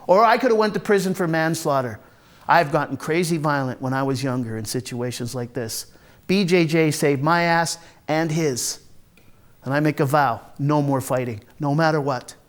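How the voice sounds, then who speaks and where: A man's voice: a little high, normal speed. A man performing an autobiographical one-man stage monologue, wry, confessional and blunt, with frequent profanity. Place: theatre stage.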